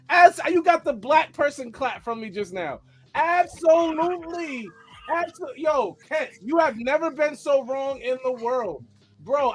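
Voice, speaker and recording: High-voiced New man, teasing. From New York. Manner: teasing, animated, laughs often. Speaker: podcast co-host. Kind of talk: casual podcast banter.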